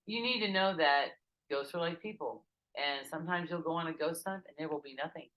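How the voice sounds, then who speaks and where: A middle-aged woman, a podcast guest telling stories in casual chat, animated and profane, acting out quotes, recorded outdoors in a backyard. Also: low voice, fairly quick, muffled recording.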